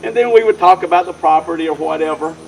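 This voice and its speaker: A man's voice: fairly high pitch, fast, gravelly, a little hiss or hum, low-quality recording. A man speaking as mayor at an outdoor park dedication, telling a folksy, rambling story and often restarting his sentences. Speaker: mayor giving a dedication speech. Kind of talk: informal public speech.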